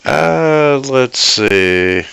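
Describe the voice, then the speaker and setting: A man running a tabletop game as game master, speaking very slowly with pauses and fillers. His voice is bright and forceful, with a smooth, crisp resonance. The sound is dry and close, with no room around it. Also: mid-range voice, expressive, no echo. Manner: unhurried, hesitant with many fillers.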